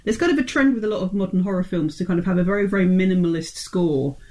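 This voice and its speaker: High-voiced man, hesitant and thoughtful. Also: fast, dark tone. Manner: hesitant, many ums and restarts. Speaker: podcast co-host. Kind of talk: casual chat.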